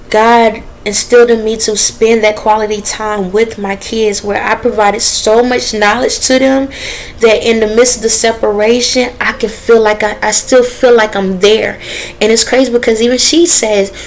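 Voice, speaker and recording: Woman vlogger, slightly high voice, earnest and preachy, addressing viewers as y'all, faint hiss. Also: fairly even intonation, poor audio. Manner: dialect grammar, drawn-out phrasing. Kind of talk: casual direct-to-camera talk.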